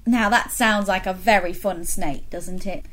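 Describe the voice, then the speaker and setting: A woman reading a story aloud for children, animated and pausing to ask them questions. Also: mid-range voice.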